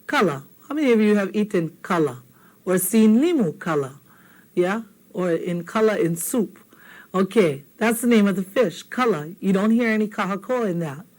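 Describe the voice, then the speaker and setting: A woman's voice: medium pitch, low-quality recording. Patient Hawaiian-accented woman teaching words. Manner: patient, playful, repeats words slowly and checks in with "okay?". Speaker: language teacher. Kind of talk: televised language lesson.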